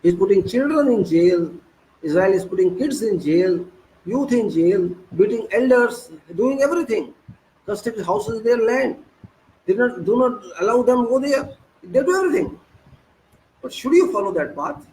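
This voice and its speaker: Indian English man, high-pitched, accusing political rant, faint noise behind. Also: lively intonation, moderate pace, a little mellow, poor audio. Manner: indignant, accusing, rhetorical questions, many restarts. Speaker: political commentator. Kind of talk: impassioned monologue.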